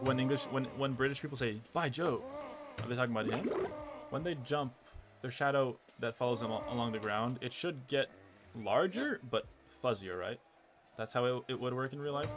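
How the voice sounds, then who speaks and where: A young man from the United States giving casual, excitable commentary over a game he is playing, often exasperated. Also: medium pitch. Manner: excitable, exasperated, says "bro" a lot. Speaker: gaming video creator. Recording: game music behind the voice.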